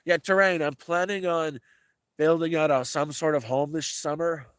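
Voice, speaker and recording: On a cold, rural off-grid homestead, a vlogger rambles casually to his audience, frequently restarting and repeating. His fairly high voice is steady and smooth at normal speed, and the recording is dry.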